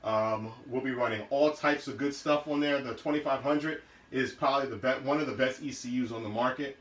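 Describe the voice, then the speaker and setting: A man's voice: mid-range voice, fairly quick, roomy sound, low-quality recording. A man casually showing car parts in his garage, talking loosely with many fillers and restarts. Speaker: car build vlogger.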